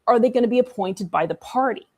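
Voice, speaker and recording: A woman's voice: a little high, fast talker, a little mellow, slightly rough. A woman co-hosting a casual history discussion, chatty and irreverent, with sarcastic asides. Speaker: co-host.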